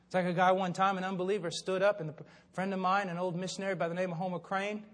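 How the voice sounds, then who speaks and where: Older male preacher, high-pitched voice, long hall reverb, storytelling sermon. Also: little pitch movement, fast talker. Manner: swings from low, quiet storytelling to loud, shouted preaching.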